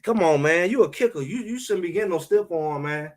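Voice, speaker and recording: A man co-hosting a sports talk show in casual, emphatic chat, trash-talking and animated. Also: high-pitched, fairly quick.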